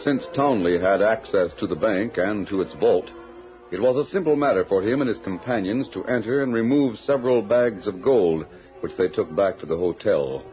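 Low-voiced man narrating old radio drama. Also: normal speed, lo-fi sound. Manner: steady, dramatic storytelling. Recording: old radio recording with music.

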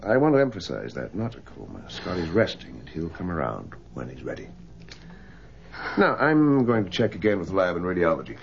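An actor playing a doctor, speaking calmly and steadily to worried parents. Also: male voice, sits low, gravelly, noisy background, exaggerated voice. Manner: calm, measured, reassuring. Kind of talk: film drama acting. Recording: dull muffled film audio.

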